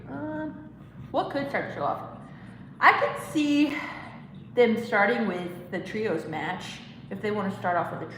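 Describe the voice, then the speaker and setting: On a low-quality recording with heavy reverb, a long tail, and a little hiss or hum, a medium-pitched woman hosts a casual live-stream watch-along. She rambles, giggles, and reads chat comments aloud.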